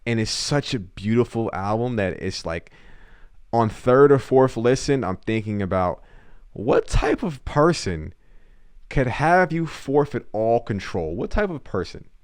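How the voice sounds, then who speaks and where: A man's voice: mid-range voice, big pitch swings, measured pace, clean tone, no echo, studio quality. A man giving casual reaction commentary on an album as a YouTuber, slangy and earnest, often speaking straight to the artist.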